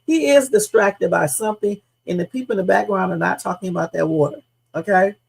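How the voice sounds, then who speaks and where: A woman's voice: mid-range voice, fairly quick, vocal fry, husky, low-quality recording. A woman hosting a live reaction stream, speculating emphatically with casual slang and repeating her points. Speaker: livestream host.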